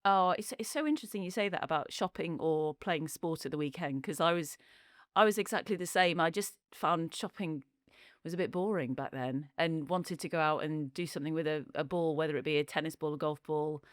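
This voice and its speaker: A woman hosts an interview podcast. Her voice sits a little low, and she talks in a friendly, chatty way. The sound is close and dry, with no room around it. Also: brisk, no room sound. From Cheshire, England. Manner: friendly, chatty, asks follow-up questions. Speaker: podcast host. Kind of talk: casual interview chat.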